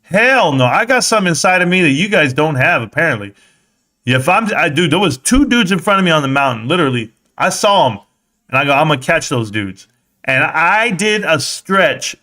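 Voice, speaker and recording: A man in his thirties hosting a casual livestream, rambling and excitable, his voice rising loud and dropping soft. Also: a little high. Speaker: livestream host. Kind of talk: casual stock-market livestream chat.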